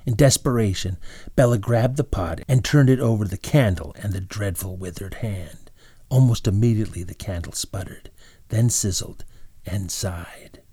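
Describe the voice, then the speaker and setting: A man's voice: lowish voice, moderate pace, dark tone, breathy edge, dry recording. A man narrating a storybook dramatically, dropping into whispers at tense moments.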